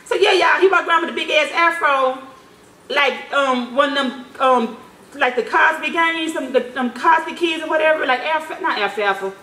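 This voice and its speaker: A woman's voice: high-pitched, moderate pace, pushed and bright. A mother telling a story in a casual vlog, talking in a loose, slangy way with swearing and many fillers. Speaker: mother and vlogger. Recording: echoey room.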